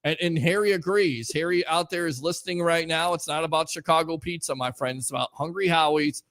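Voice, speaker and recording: A man hosting a casual sports talk show, excitable and rambling, often restarting his sentences. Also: on the high side, brisk, no room sound, clean studio sound. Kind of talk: casual sports radio chat.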